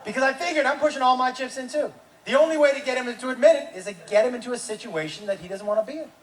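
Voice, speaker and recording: A man doing stand-up, telling a story in an animated way that bursts into shouting. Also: very high-pitched, very fast. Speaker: comedian. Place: comedy club stage. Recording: roomy live club recording from a distance. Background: audience laughter and room noise.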